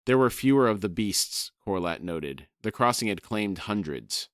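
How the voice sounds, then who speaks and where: A man with a fairly low voice reads a fantasy novel aloud in a measured pace, breaking off to chat about it. The recording is dry and close, with no room sound. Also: lively intonation, a bit bright, dry recording. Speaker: podcast co-host and reader. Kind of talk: reading a novel aloud and discussing it.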